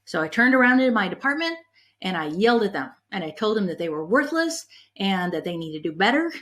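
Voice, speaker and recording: A middle-aged woman giving a conference talk on leadership, an animated storyteller who is candid and emotional about her past. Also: medium pitch, fast talker. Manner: animated storyteller, acts out quoted people in her anecdotes. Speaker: conference breakout speaker on leadership.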